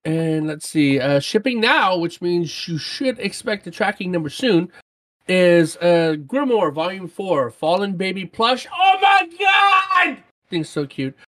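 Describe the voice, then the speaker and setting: Animated co-host on a gaming stream. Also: mid-range voice, a little slow. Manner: animated, excitable, reads items aloud. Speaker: stream co-host reading chat and news. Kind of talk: casual gaming stream chat.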